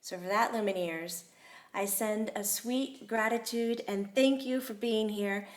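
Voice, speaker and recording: A woman hosts a casual talk show in an upbeat, effusive way. She chats easily with her guests and warmly thanks her listeners at the close. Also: mid-range voice, steady tone, unhurried. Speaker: host.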